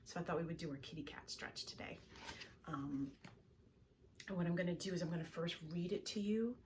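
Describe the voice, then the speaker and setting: Woman, children's librarian; calm, soothing bedtime reading, gentle and partly whispered; sits a little low in pitch. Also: fairly quick, background noise. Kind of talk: bedtime story time and breathing exercise.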